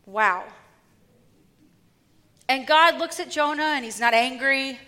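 A woman preacher delivering a sermon with lively, humorous storytelling. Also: high voice, slow pace, in a large hall.

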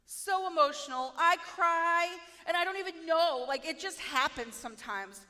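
Playful woman preacher, high voice, big reverby church sound. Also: moderate pace. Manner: animated, playful, self-mocking. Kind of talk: sermon.

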